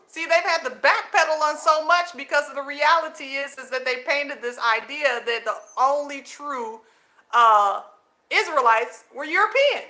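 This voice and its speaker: Preaching casually to her channel's viewers, whom she calls family, this woman has a high, bright, forceful voice and a normal pace. She repeats phrases to drive points home and laughs often between them, recording at home at night as her children are nearby.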